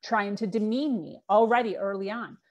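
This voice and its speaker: A woman's voice: medium pitch, moderate pace, muffled recording. A middle-aged woman, a podcast guest, candidly telling her own story with frequent fillers and acted-out quotes.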